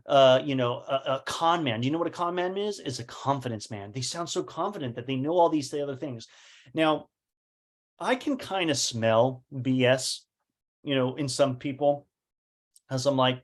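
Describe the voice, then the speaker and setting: A man telling his own business story in a casual motivational talk, acting out past conversations with fillers and rhetorical questions. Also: fairly high pitch.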